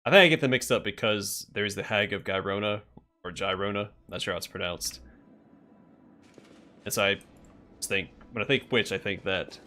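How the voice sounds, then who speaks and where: A man's voice: on the low side, expressive, moderate pace, pauses often, bright, forceful tone. A man streaming a role-playing game, thinking aloud in casual commentary as he plays. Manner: musing, thinking aloud with fillers.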